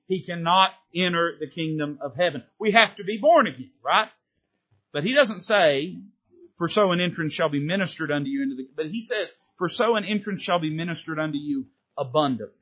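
Fervent high-voiced preacher. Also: male voice, a bit bright, husky. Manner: fervent preaching, rising and pressing on key points. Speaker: pastor. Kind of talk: sermon. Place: church sanctuary from the pulpit. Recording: dull, lo-fi sermon recording.

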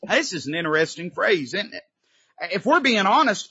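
A man preaching an impassioned sermon from a church pulpit, his pitch rising and falling sharply. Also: sing-song, normal speed, bright, forceful tone, husky, lo-fi sound. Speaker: Baptist pastor. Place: church sanctuary.

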